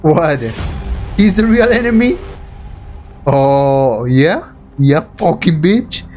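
Excitable young man reacting slowly to anime. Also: on the high side, faint music behind. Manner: excitable and emotional, swearing, frequent laughter, calls the viewer bro.

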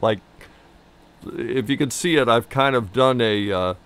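A man with a Chicago accent co-hosting a casual coffee tasting chat, rambling and full of fillers, quick to laugh. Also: mid-range voice, fairly bright tone, clear, resonant tone. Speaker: co-host.

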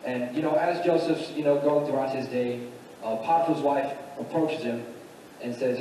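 Mellow man preaching in echoing hall. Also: mid-range voice, normal speed, a little hiss or hum. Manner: casual, filler-heavy retelling with "like" and "you know". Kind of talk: sermon storytelling. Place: church sanctuary. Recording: echoey hall from far off.

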